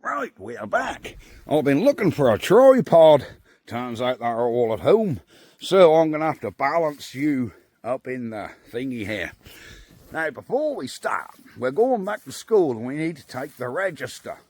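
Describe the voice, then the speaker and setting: A man's voice: medium pitch, big pitch swings, measured pace, darkish tone, dry recording. A man chatting cheerfully to viewers, recorded on a phone propped up in an outdoor yard. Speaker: vlogger. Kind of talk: casual chat to camera.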